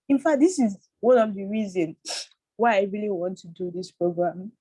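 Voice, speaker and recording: A woman from Nigeria sharing a personal story on a video call, halting and tearful, with many restarts. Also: mid-range voice, mellow, no room sound. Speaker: workshop participant.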